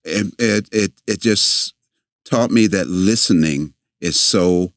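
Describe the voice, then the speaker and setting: An older man, a podcast guest, telling a long story in a halting way with many fillers and restarts. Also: deep voice, dry recording.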